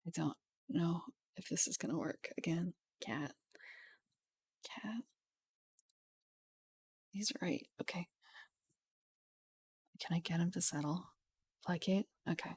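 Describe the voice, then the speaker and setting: A young woman streamer reading a game rulebook aloud at home into a studio mic, softly and half-whispered, with chatty asides. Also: fairly low pitch, slow pace, pauses often, slightly rough. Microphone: studio mic with pop filter.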